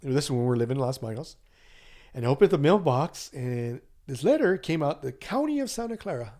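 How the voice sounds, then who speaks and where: A man in his sixties, appearing as a podcast guest, tells a personal story at a brisk clip in a loose, chatty manner. He's animated, acting out quoted dialogue with jumps in pitch, and his casual telling is full of fillers and asides.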